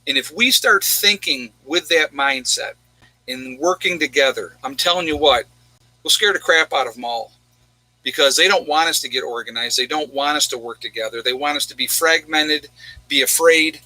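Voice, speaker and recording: A man's voice: fairly high pitch, normal speed, sharp tone, dry recording, low-quality recording. A man hosting a casual livestream, rambling conversationally, often saying "you know" and "okay?", and reading viewers' locations off a list. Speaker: livestream host.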